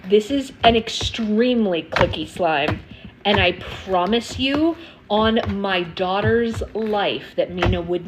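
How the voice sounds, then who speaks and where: A woman's voice: lowish voice, heavy background noise. Chatty woman hosting a live stream. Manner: chatty, answers viewer comments, many ums. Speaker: slime livestream host. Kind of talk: casual livestream chat.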